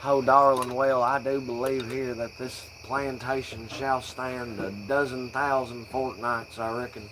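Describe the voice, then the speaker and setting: A man doing a florid old Southern gentleman. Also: mid-range voice, little pitch movement, unhurried, few pauses, noisy background, natural voice. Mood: grandiose. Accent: put-on Southern US drawl. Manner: florid, theatrical. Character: genteel old-time Southern gentleman, grandiose.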